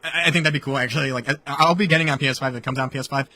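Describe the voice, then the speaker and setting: A man's voice: mid-range voice, fairly even intonation, very fast, pushed and bright. A man co-hosting a gaming livestream, musing casually and loosely with lots of fillers. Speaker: gaming podcast co-host.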